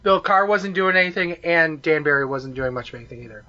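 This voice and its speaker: A man with a high, bright voice co-hosting a casual podcast, talking through backstory and swearing now and then. The sound is a bit dull, as from a basic home mic. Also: lively intonation, quick pace, a little hiss or hum. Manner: explains backstory with fillers and restarts, swears casually. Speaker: podcast co-host. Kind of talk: casual chat watching wrestling.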